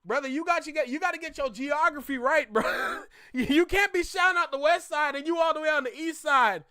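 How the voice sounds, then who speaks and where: A man's voice: very high-pitched, brisk, sharp tone. A man hosting a reaction video, talking casually with slang and laughter and repeating his disbelief.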